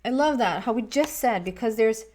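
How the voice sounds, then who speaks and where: A woman's voice: on the high side, expressive, normal speed, a little mellow. A woman giving a casual, rambling tarot reading to camera, often restarting her words. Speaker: tarot reader.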